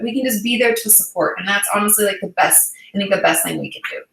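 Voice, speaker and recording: A woman's voice: mid-range voice, quick pace, creaky, fairly bright tone, roomy sound, low-quality recording. A woman therapist casually chatting on a livestream, reassuring and full of "um"s and "like"s as she answers viewer questions. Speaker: therapist and channel host.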